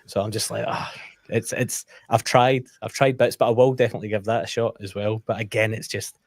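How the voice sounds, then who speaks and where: A man's voice: on the low side, little pitch movement, a little fast, no room sound, clean studio sound. A man chatting as a guest in a casual roundtable, candid and self-deprecating in his stories. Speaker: guest co-host.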